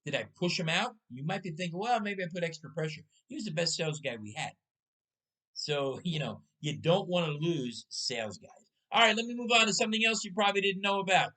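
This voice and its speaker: A man's voice: high-pitched, brisk, sharp tone, low-quality recording. A man in his sixties hosting a casual talk show, telling stories and putting rhetorical questions to his listener. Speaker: podcast host. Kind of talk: casual storytelling chat.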